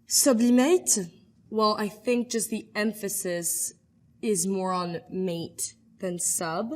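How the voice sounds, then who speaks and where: Woman slowly sounding out words. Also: medium pitch. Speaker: celebrity guest trying an accent.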